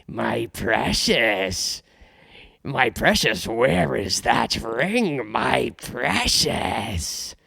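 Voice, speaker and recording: A man voicing Gollum, a creature obsessed with his ring, in slow, drawn-out, pleading phrases. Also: medium pitch, very animated, gravelly, bright, forceful tone, breathy edge, no room sound, clean studio sound, exaggerated voice.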